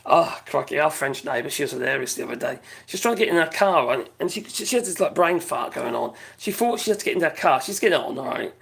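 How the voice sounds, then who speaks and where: A British man hosting a live stream, chatting casually in a rambling way, reading out viewers' comments, his voice going hoarse. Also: on the high side, expressive, quick pace, hardly any pauses, fairly bright tone. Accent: British English. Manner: rambling, chatty, laughs often, reads out viewers' chat.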